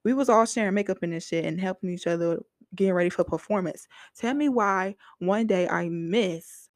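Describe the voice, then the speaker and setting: In a dry recording, a young woman hosting a podcast tells a personal story in a casual monologue. Her fairly low voice moves at a moderate pace as she vents frankly and heatedly, swearing heavily.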